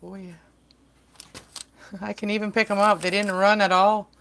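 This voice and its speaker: In a home kitchen with a noisy background, a woman hosts a relaxed baking livestream, rambling to viewers and her kitten. Her mid-range voice is fairly bright, with little pitch movement and a moderate pace.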